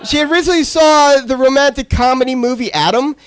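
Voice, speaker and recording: A man's voice: very high-pitched, brisk, clean tone, some chatter behind. A young man doing a stand-up comedy set on a club stage, telling awkward self-deprecating stories with crude jokes.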